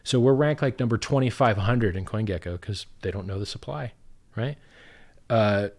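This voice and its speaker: A man ranting in a casual chat, swearing constantly, with sudden loud outbursts and sarcastic mock quotes. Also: mid-range voice. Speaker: crypto project founder, guest.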